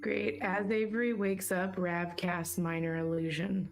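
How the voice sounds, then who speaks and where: A woman's voice: lowish voice, little pitch movement, unhurried, gravelly, soft background music. A woman playing a tabletop game in a playful, giggly way, plotting pranks for her character. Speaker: player.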